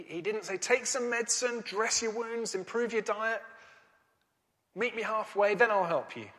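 A man's voice: fairly high pitch, bright, forceful tone, long reverb tail. A man preaching a sermon, earnest and rising to emphatic questions.

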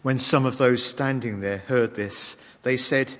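A man reading scripture aloud in a measured, solemn way. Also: medium pitch, fairly bright tone, in a large hall. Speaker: scripture reader. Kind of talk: liturgical Bible reading.

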